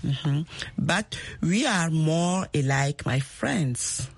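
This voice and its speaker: A woman's voice: low-pitched, expressive, very slow, breathy edge. A woman co-hosting a teaching chat, speaking hesitantly and searching for her words. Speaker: co-host from another program.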